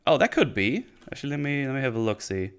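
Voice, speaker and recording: A man's voice: medium pitch, very animated, fast talker, fairly bright tone, clear, resonant tone. A man giving casual livestream commentary on a TV show, rambling and hesitant as he thinks aloud. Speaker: streamer reviewing a TV show.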